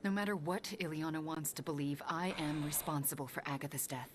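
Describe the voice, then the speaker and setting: A woman playing a soft-voiced remorseful sorceress. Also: low-pitched, a little fast, noisy background, close to an everyday voice. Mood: earnest. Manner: soft, breathy and earnest.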